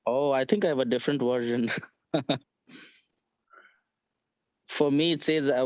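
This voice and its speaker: A man's voice: medium pitch, a little slow, long pauses, a little mellow, no echo. An earnest man joins an online spiritual class, picking up speed when he argues a point. His voice comes through dry and a little dull, like a lo-fi call. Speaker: class participant. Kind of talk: class discussion and poetry reading.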